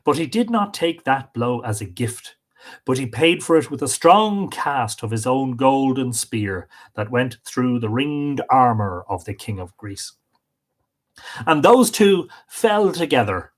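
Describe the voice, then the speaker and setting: Expressive male storyteller. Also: medium pitch, a little slow. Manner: expressive reading with joking asides. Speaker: storyteller and stream host. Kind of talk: live myth reading.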